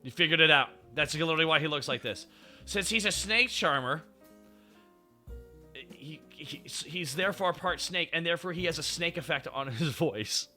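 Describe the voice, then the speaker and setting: A man hosting a stream, casual and excitable, swearing a lot and laughing often. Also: fairly high pitch, normal speed, soft background music. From Canada. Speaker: streamer host.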